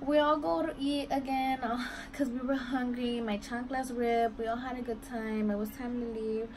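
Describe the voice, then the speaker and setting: A woman's voice: a little high, fairly even intonation, normal speed. A young woman telling a rambling story in a casual chat while doing her makeup at home, saying "like" and "I'm like" a lot. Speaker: vlogger. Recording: noisy room ambience.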